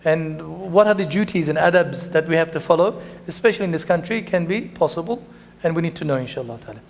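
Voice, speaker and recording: A man's voice: fairly high pitch, expressive, quick pace, creaky. A man teaching a religious lesson, telling stories and closing with a supplication in Arabic phrases. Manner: storytelling with Arabic phrases and dua. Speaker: imam.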